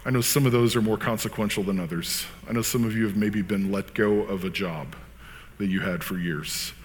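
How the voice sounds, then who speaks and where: Guy with a lowish voice preaching, reads scripture then talks it through all casual and earnest, big echoey church. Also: brisk, a little hiss or hum. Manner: conversational, earnest, with casual fillers. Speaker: pastor. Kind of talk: scripture reading and sermon.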